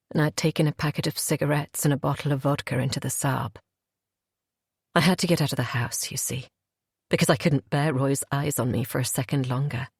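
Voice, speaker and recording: A woman's voice: low-pitched, breathy edge, dry recording. A woman reading a first-person audiobook in an emotional, confessional way, close to a studio mic. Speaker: audiobook narrator.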